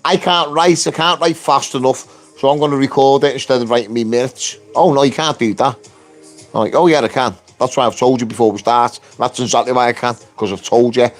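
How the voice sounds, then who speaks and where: Bloke ranting about a work dispute, loud and sweary, middle pitch, faint music behind. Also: male voice, brisk. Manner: animated, jumps pitch to act out quotes. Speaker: construction worker telling his story. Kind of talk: casual storytelling.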